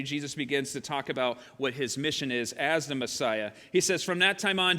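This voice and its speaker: A pastor delivers his sermon with a sharp, forceful edge to his fairly high voice. He swings from loud, emphatic peaks to hushed, low stretches. The sound carries a long reverb from a large church hall.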